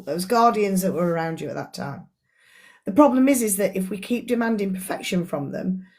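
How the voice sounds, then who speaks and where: A middle-aged woman talks through a book with her live audience in an earnest, chatty way. She speaks as a coach at a mid-range pitch for a woman, addressing listeners directly. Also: darkish tone, breathy edge. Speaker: life coach. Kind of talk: live-stream book club discussion.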